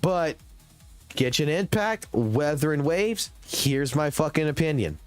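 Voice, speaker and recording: A man's voice: on the high side, lively intonation, a little slow, dry recording, soft background music. Blunt, foul-mouthed male streamer. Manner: blunt, heavy swearing, slangy. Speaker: game streamer. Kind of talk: casual ranting commentary.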